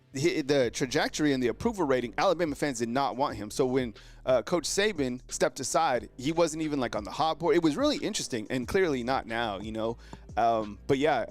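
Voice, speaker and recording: Animated man with a lively pitch. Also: brisk, faint music behind. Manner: animated, exclaims and addresses viewers as fam; slangy, filler-heavy delivery. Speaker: sports show host. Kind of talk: casual live-stream commentary.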